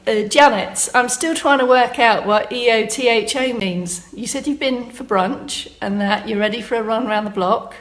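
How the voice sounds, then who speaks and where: A woman with a medium-pitched voice leads a live-streamed exercise class from a room in her home. She chats along the way, reading out comments from viewers.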